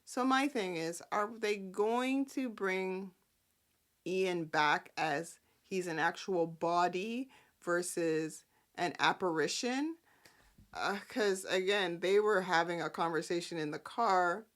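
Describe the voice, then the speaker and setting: A woman hosting a casual soap-opera recap, sassy and animated, often breaking into character quotes. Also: fairly low pitch, slow. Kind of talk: casual chat.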